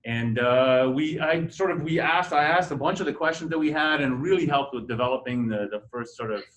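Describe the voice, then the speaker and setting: This middle-aged panelist speaks a little fast with a slightly high, somewhat bright voice, captured in a low-quality recording. In a university conference room, he recounts his story hesitantly, stopping and restarting often amid plenty of fillers.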